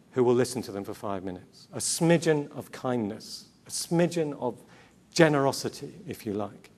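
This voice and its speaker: A conference speaker with a mid-range, somewhat dark male voice delivers an earnest sermon-style talk to a Christian gathering. He poses rhetorical questions, repeats key words, and slips in quick asides and self-corrections.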